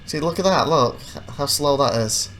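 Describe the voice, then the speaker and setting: A man's voice: on the high side, moderate pace, a little hiss or hum. Rambling man narrating his gameplay. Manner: rambling, self-correcting, animated when retelling frustrations. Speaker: let's play host. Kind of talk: casual gameplay commentary.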